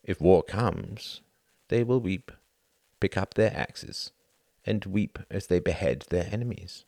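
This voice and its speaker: A man's voice: low voice, slow pace, dark tone, no room sound. A man reading an audiobook, voicing a scornful, theatrical Englishman who drifts between brooding and sardonic outbursts.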